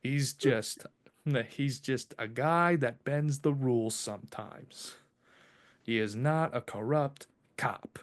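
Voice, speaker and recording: A man's voice: mid-range voice, slow. A man hosting a podcast in casual chat, rambling and filling with "like" and "uh". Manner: rambling, filler-heavy. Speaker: podcast host.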